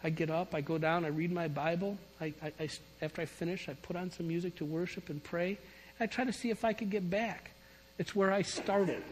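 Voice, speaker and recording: A middle-aged man preaching a sermon, telling his story in an animated, emphatic way. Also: high-pitched, fairly quick, a little hiss or hum. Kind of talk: sermon testimony. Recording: long reverb of a large hall.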